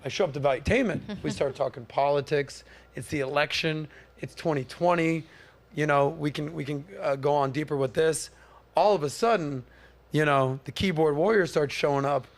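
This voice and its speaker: Animated man telling a story. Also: on the high side, normal speed. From Miami area. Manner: animated, acts out quotes in mock voices. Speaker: podcast host. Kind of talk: casual storytelling monologue.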